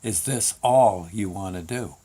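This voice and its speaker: A man voicing a calm, unseen male voice from above that speaks quietly and asks probing questions. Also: on the low side, measured pace, slightly rough, pitched below the performer's own voice. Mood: hushed, probing.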